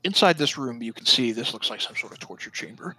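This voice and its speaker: A man's voice: mid-range voice, lively intonation, quick pace, sharp tone, husky, poor audio. A man narrating a tabletop role-playing game as dungeon master, describing scenes and calling turns.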